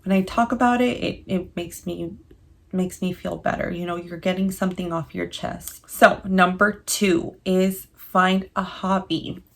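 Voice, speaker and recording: Young woman vlogger, low and gravelly, earnest and confiding, talks straight to camera. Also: fairly even intonation. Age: 20s. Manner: earnest, confiding, halting with emotion. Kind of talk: candid personal vlog.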